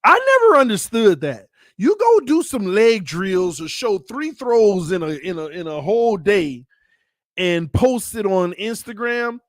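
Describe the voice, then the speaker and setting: A man hosting a sports fan channel, talking in a casual, animated, teasing way and breaking into loud excited hollering. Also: sits high, a little slow, no room sound, clean studio sound. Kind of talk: casual fan commentary vlog.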